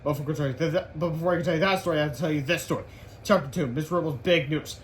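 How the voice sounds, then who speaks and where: A man reading a children's book aloud as storyteller, in a lively, expressive way. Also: fairly high pitch, racing, slight background noise.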